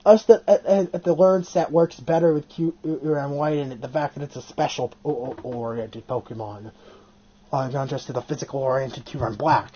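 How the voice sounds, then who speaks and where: A video host telling stories in an excitable casual chat, swearing often. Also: mid-range voice, moderate pace, husky, muffled recording. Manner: animated, excitable storytelling with frequent swearing.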